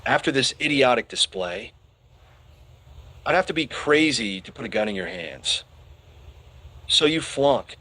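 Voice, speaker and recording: Male reader voicing a hulking, stern weapons instructor; bellowing, slow and commanding. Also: mid-range voice, animated, bright, forceful tone. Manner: bellowing, barking orders.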